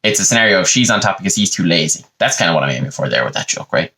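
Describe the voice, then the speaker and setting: A man with a fairly low voice hosting a comedy podcast. He rambles through a profane comic story, conversational and loose, full of asides. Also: sing-song, very fast, sharp tone.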